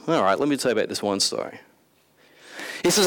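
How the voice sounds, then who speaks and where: A man preaching a casual sermon in an animated, conversational way, acting out scenes with voices. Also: fairly low pitch, fast.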